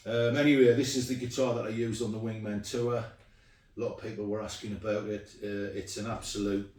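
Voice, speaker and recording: A middle-aged man shows off his guitars in a casual, rambling chat peppered with ums. His voice is lowish and brisk with fairly even intonation, recorded from a distance in an echoey room.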